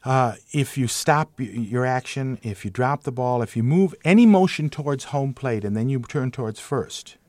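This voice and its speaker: An older man, a retired umpire, swaps baseball stories in an interview, mimicking the people he quotes with big leaps in his voice and poking fun at himself. His mid-range voice moves at a moderate pace with few pauses, sounding a touch mellow on a dry recording.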